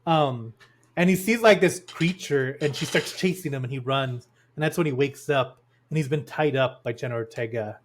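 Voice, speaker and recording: A man hosting a casual film review chat, retelling scenes with lively acted-out quotes. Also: medium pitch, moderate pace. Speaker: podcast host.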